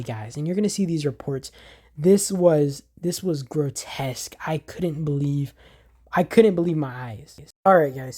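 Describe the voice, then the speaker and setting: A man hosting a gaming channel, giving casual gameplay commentary in an excitable, exasperated way, often restarting his sentences and talking to viewers as guys. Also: high voice.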